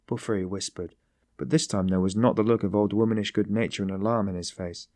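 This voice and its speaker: A man reads an audiobook in a measured, even way, his voice fairly low. The scripted narration is recorded with clean studio sound and no echo.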